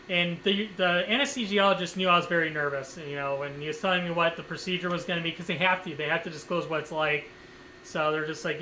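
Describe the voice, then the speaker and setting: A man's voice: fairly high pitch, bright, forceful tone, a little hiss or hum, rough recording. A man telling a personal story in a casual, rambling way, with lots of filler words and swearing. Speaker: streamer.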